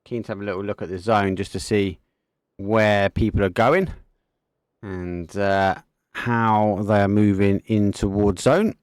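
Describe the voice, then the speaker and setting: A young man with an Essex accent calls an esports match live, his voice sitting a little low. He gets excitable and talks in quick bursts, peppered with casual slang. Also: clean tone, no echo, clean studio sound. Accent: Essex English. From England, Essex. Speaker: esports caster. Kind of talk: live game commentary.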